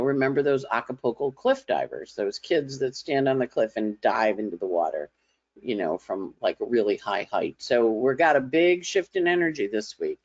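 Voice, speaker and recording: A woman astrologer giving a casual weekly forecast, talking in a chatty, conversational way and slipping into playful voices as she imitates others. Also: rumbling low. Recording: slightly dull lo-fi audio.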